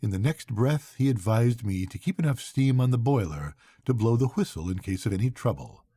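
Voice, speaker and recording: An older man, a grandfather, reading a classic novel aloud to his grandchildren at bedtime in an unhurried, expressive way. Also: mid-range voice, slightly rough, dry recording.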